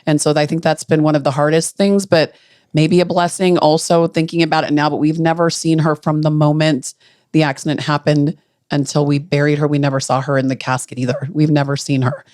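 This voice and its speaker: A middle-aged woman, a grieving mother, recalling a painful day in halting, earnest speech with frequent restarts. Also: low voice, flat delivery, a little mellow, no room sound, studio quality. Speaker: grieving mother, podcast guest. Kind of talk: emotional personal recollection.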